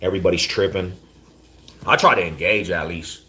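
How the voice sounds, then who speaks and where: Laid-back slangy man with a very low voice. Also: normal speed, bright, forceful tone. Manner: laid-back slangy street talk, repeats himself. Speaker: livestream host. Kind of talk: casual livestream chat, reading chat.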